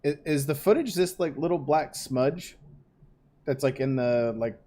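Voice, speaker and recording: A man's voice: on the high side, measured pace, dark tone. A man co-hosting a gaming podcast in casual chat, chuckling often and asking eager questions. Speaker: podcast co-host.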